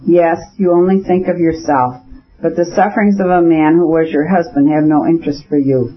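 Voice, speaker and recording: Guy reading cold aristocrat husband, kinda high husky voice, shrill edge, dull audio. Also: steady tone, normal speed. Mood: cold anger. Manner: cold, contemptuous, shrill when angry. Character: cold, stern aristocratic husband, middle-aged man.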